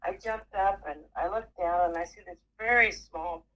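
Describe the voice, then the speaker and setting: A middle-aged woman chatting casually with family, telling stories with lively swings and the odd curse. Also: lowish voice, normal speed, muffled recording. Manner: animated storyteller who swears freely. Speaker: aunt.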